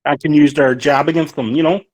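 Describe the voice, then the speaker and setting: A man's voice: on the high side, fairly even intonation, brisk. A man with a Donegal Irish accent, calling in to a boxing podcast, easygoing and chatty, always saying "you know". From Ireland. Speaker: caller. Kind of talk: casual podcast call.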